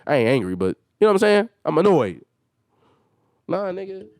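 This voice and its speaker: A man's voice: sits high, big pitch swings, normal speed, darkish tone, no room sound, studio quality. A man hosting a solo podcast, venting in a heated and exasperated way with emphatic swearing. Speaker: podcast host.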